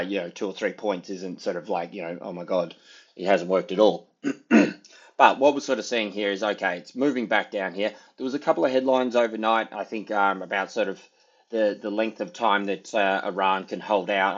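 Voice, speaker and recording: A man's voice: lowish voice, a bit bright. A man giving casual, rambling commentary over trading charts, full of filler phrases. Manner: rambling, full of "sort of" and "you know". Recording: dull lo-fi sound.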